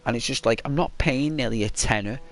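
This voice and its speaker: Male streamer, casual rambling chat, mid-pitched voice, faint music underneath. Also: fairly quick, fairly bright tone. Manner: rambling, full of fillers.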